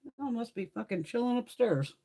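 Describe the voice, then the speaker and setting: A woman's voice: fairly high pitch, animated, fairly quick, dark tone, breathy edge. A middle-aged woman hosting a casual beauty livestream, chatting freely, swearing often and laughing between thoughts. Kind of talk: casual live chat.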